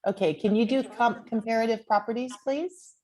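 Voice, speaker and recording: A woman's voice: a little high, normal speed, a little mellow. A woman leading an online real estate training, upbeat and encouraging as she calls on people. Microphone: video call.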